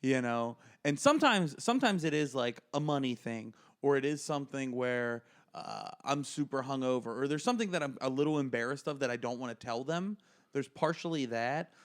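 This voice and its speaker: Co-hosting a podcast, a man with a medium-pitched voice talks a little fast in casual chat. He tells stories with animation, acting out what others said and laughing through the quotes.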